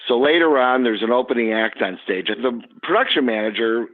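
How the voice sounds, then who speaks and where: Man, podcast guest, animated storyteller, tinny phone line. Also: medium pitch, fairly quick. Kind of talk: telling a story.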